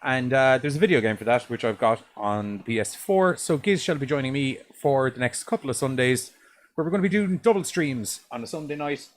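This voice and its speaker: A man's voice: medium pitch, brisk. Rambling, sweary podcast co-host man. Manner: rambling, swears, frequent restarts. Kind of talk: casual chat.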